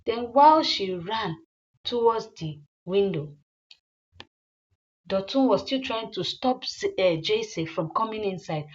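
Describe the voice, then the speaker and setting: A woman's voice: medium pitch, lo-fi sound. A woman casually retelling a film's plot, rambling with fillers. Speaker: movie recapper.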